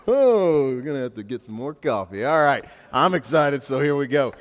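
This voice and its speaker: A male pastor gives a casual, joking sermon and tells stories in a relaxed, chatty way. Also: medium pitch, normal speed, long reverb tail. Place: church sanctuary.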